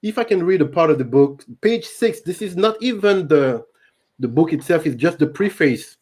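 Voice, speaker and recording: A man whose first language is French hosts an interview in English with a French accent. His voice sits a little high for a man, and he talks hesitantly, often pausing on "uh" and starting his sentences over. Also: animated, a little mellow, husky. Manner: hesitant, many "uh" and restarts. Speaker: host. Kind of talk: conversational interview.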